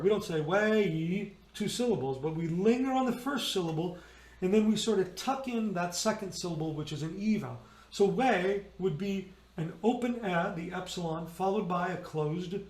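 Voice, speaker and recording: A man's voice: high-pitched, expressive, moderate pace, a little mellow, roomy sound. A man leading an online choir rehearsal, patiently explaining vowels and singing them as he demonstrates. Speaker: choir director.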